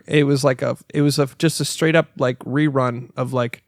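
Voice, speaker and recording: A man's voice: on the high side, steady tone, moderate pace, hardly any pauses, dry recording, clean studio sound. Rambling, profane podcast co-host, a man. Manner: rambling, profane, laughs a lot. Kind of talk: casual chat.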